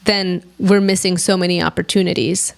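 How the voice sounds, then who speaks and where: Earnest woman telling a story softly. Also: fairly low pitch, flat delivery, moderate pace, creaky. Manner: earnest storyteller, acts out quoted voices, drops to soft whispers. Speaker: podcast co-host. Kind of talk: casual reflective chat.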